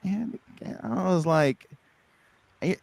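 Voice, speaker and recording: A man with a somewhat high, gravelly voice improvises comedy bits on a podcast. His pitch leaps around as he jumps between characters. The sound is dry and close. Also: lively intonation, a little mellow, no echo. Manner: rapid riffing, breaks into laughter, slips into character voices.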